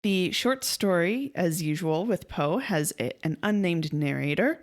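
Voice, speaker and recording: A young woman co-hosts a casual podcast in a chatty, storytelling way. Her voice sits on the lower side for a woman. She acts out quoted lines and laughs easily as she talks. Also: animated, a little slow. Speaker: podcast co-host.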